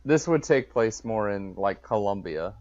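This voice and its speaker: A man co-hosting a podcast, tossing deadpan wisecracks while riffing on a movie. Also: fairly low pitch, a little slow, lo-fi sound. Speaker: podcast co-host. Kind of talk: casual movie-riffing banter.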